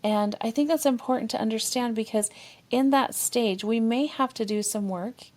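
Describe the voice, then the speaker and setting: A woman's voice: fairly high pitch, normal speed, a little mellow. A woman therapist co-hosting a relationship podcast, talking expressively and acting out inner dialogue with feeling. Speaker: therapist co-host.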